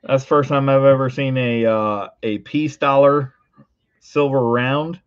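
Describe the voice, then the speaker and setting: A man hosting a livestream coin auction, chanting bids in a quick rhythmic auctioneer patter and bantering playfully between calls. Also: mid-range voice, clear, resonant tone, lo-fi sound. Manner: rapid rhythmic bid calling, playful teasing. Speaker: host auctioning coins on a livestream.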